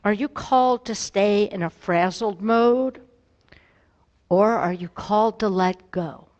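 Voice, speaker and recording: Slow, soft-spoken woman pastor in a hall. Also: medium pitch, dull audio. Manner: gentle, reflective, storytelling. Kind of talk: sermon. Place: church sanctuary. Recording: long reverb in a hall.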